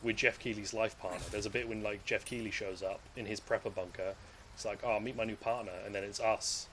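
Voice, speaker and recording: A man's voice: on the low side, little pitch movement, fairly quick, fairly bright tone, slight background noise. A man streaming gameplay, rambling and joking casually as he plays, swearing freely. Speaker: streamer playing a video game. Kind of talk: casual live gameplay commentary.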